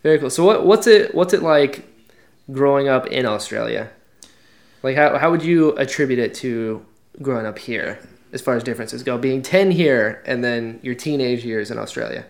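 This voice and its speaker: A man's voice: medium pitch, expressive, normal speed, creaky. A man hosts a casual podcast interview in a mid-range voice. He asks curious questions and keeps the talk moving with short replies like "gotcha". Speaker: podcast host.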